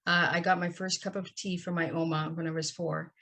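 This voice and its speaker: A woman speaks as a podcast guest, recounting her life in an earnest, candid and heartfelt manner. Her voice sits low and has a husky, breathy grain. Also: level tone, a little fast, pushed and bright. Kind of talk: podcast interview storytelling.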